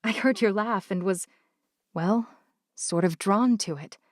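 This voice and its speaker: A woman narrating a first-person audiobook with a measured, even delivery. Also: medium pitch, no echo, studio quality.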